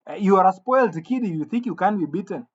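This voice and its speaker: Brief: man doing a flat, dismissive cop, husky, muffled lo-fi sound. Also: high-pitched, fast talker. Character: dismissive adult male police officer. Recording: dull lo-fi recording.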